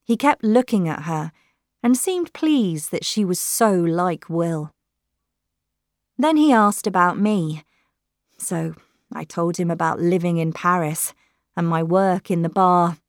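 Woman storybook narrator, measured, slow, dry studio sound. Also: on the low side, lively intonation, no room sound. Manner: measured, careful reading. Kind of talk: scripted first-person narration.

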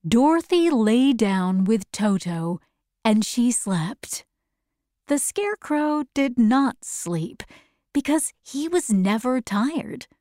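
Very slow, clear woman storyteller. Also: on the high side, dry recording, clean studio sound. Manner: very slow, clear, even reading. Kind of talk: slow read-aloud for learners.

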